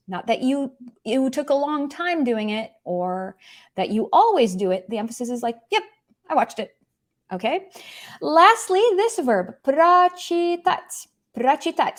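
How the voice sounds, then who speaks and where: Animated woman teaching a language lesson. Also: fairly high pitch. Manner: animated, emphatic, repeats key points.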